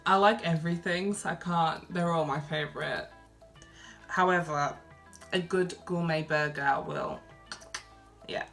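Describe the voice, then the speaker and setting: A young woman from Birmingham with a softened Brummie accent, chatting casually through a Q&A vlog, reading each question aloud and answering with lots of ums and likes. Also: lowish voice, steady tone, unhurried, long pauses, soft background music. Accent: Birmingham English, softened. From Birmingham, England. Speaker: vlogger.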